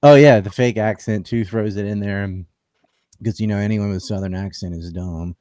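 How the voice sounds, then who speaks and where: A man with a fairly low voice talks bluntly and sardonically on a podcast, slipping into mocking impressions of others. The sound is dry and close, with no room around it. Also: fairly even intonation, fairly quick, dark tone, no room sound. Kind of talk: casual political chat.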